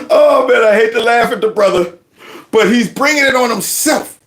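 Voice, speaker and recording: A man's voice: very high-pitched, normal speed. A man hosting his channel, giving mocking reaction commentary on news clips. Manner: mocking, laughing, animated. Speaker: channel host.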